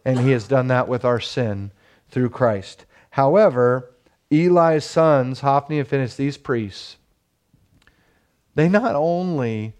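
A man's voice: mid-range voice, darkish tone, smooth. A man in his thirties preaching a sermon as pastor, with rising emphasis and frequent rhetorical questions.

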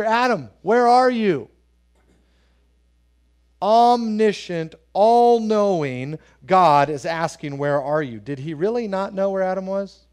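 Animated storytelling pastor, man. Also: sits high. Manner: animated storytelling, acting out voices in quotes; conversational, asks the congregation questions. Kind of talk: sermon with personal stories.

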